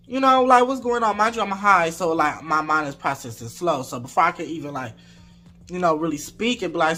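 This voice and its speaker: Mężczyzna, swobodna, żywa opowieść. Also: male voice, sits high, fairly quick, soft background music. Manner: animated, laid-back slang and swearing. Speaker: storytime vlogger. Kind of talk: casual storytelling.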